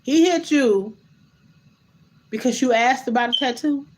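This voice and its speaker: A woman with a slightly high voice chats straight to her viewers. She is animated and incredulous, stumbles through restarts and keeps throwing in asides as she talks. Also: unhurried, slight background noise. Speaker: host. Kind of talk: casual commentary vlog.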